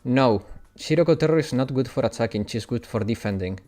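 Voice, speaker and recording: A man's voice: medium pitch, lively intonation, fairly quick, dark tone. A man from Italy, whose first language is Italian, speaks with an Italian accent and chats casually with viewers while streaming a game, often laughing. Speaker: gaming streamer. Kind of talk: casual live-stream chat.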